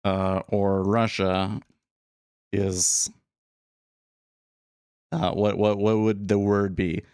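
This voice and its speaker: A man's voice: lowish voice, little pitch movement, very slow, a little mellow, smooth, dry recording, clean studio sound. A man hosting a live day trading stream, thinking aloud and rambling in a casual, self-deprecating way. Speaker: day trading livestream host. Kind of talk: live market commentary.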